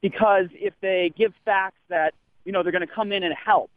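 Man, caller, lawyerly, careful, slightly high voice, tinny phone line. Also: steady tone, no room sound. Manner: measured, careful, lawyerly hedging. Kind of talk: phone-in commentary.

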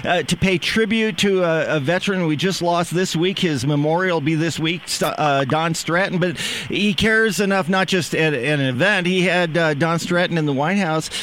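A man's voice: a little high, moderate pace, few pauses, a bit bright, slight background noise. A man hosting a political talk radio show, talking emphatically and with enthusiasm, often repeating words as he pushes ahead.

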